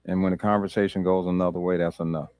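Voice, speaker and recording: A man's voice: sits low, flat delivery, fast talker, darkish tone, clear, resonant tone, no room sound. A man pastor leading a Bible study, talking conversationally, repeating words and laughing easily.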